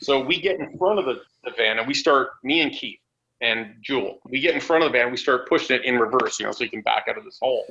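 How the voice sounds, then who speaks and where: Animated storytelling man, bright voice. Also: mid-range voice, quick pace, vocal fry. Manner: animated, acts out voices in his stories; swears freely. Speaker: wrestler guest. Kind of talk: casual storytelling. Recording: dull lo-fi podcast audio.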